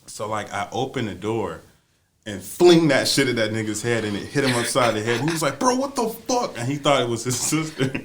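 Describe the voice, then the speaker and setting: A man co-hosting a casual podcast, telling a story to his friends. He acts out every quoted line and breaks into laughter often. His voice sits in an ordinary middle pitch. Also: animated, a little fast, a little hiss or hum. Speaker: podcast co-host.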